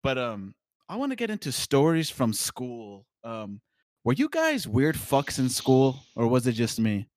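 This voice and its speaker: A man's voice: medium pitch, wildly swooping pitch, measured pace, a little mellow, no echo. A man hosting a podcast, steering the topics with crude jokes. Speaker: podcast host. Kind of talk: casual chat.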